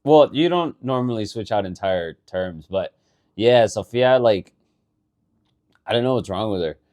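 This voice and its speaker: A man co-hosting a casual podcast, explaining things in a rambling, animated way and swearing often. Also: on the low side, measured pace, no echo, studio quality. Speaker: podcast co-host. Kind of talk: casual chat.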